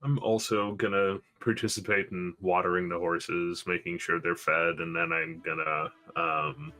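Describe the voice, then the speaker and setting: A man playing a tabletop game, calmly describing his character's actions. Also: low voice, measured pace. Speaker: player. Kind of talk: casual tabletop play.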